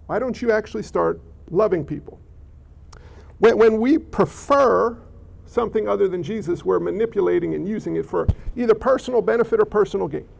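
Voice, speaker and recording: A high-voiced man with a gravelly edge, preaching with lively energy and frequent restarts. The recording is muffled and lo-fi. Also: fairly quick. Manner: animated, repeats words, acts out quoted people. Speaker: pastor. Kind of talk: sermon. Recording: dull lo-fi recording.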